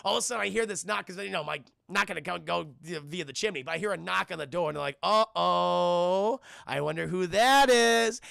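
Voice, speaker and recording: A young adult man, a streamer host, telling stories in an animated and profane way to his chat during a casual film review. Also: sits high, rapid-fire, creaky, hardly any pauses, no echo, studio quality.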